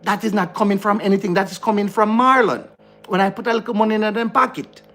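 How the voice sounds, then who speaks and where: A man's voice: sits high, steady tone, fast, sharp tone. A man with a Jamaican accent, speaking to camera in a frustrated, ranting vlog, repeating himself as he talks indoors. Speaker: vlogger. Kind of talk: heated monologue to camera. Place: indoor room.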